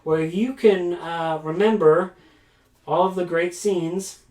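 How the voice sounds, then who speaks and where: A man's voice: high-pitched, fairly even intonation, slow pace, darkish tone. A man casually reviewing horror books for a vlog, enthusiastic and prone to rants, with lots of "like" and "um". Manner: enthusiastic, ranting, filler-heavy. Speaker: book reviewer. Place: small storage room, indoors. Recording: roomy storage-room echo.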